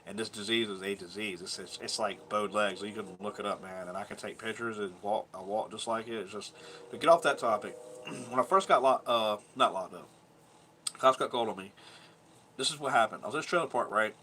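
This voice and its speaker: A man's voice: lowish voice, brisk, pushed and bright, a little hiss or hum. Rambling, profane man in his thirties. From Georgia, US. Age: 30s. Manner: rambling, profane, laughs through his story. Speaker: vlogger. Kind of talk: casual storytelling monologue.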